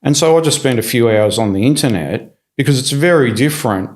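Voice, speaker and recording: A man, a podcast guest, telling his story in a lively, casual way, acting out what people said and often restarting his sentences, recorded in a studio. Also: medium pitch, a little fast. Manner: animated, acts out quoted voices, many restarts.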